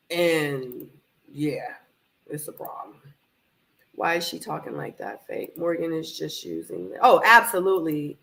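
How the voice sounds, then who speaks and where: A woman hosting a live reaction stream from her home office, a little hoarse from being under the weather, animated and laughing as she talks back to the screen. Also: medium pitch, rough recording. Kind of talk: casual live watch-party chat. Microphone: camera microphone.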